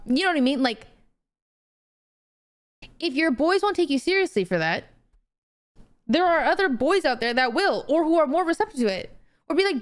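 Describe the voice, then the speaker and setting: A young woman streaming and chatting casually, animated and swearing freely as she gets heated. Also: high voice, a little fast, long pauses. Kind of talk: casual chat.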